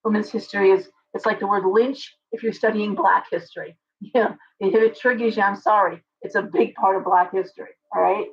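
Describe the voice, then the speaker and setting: A woman hosts a live stream and talks straight to her chat, ranting with strong opinions. Her voice sits at an ordinary middle pitch. The audio is dull and lo-fi. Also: steady tone, a little fast. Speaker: livestream host.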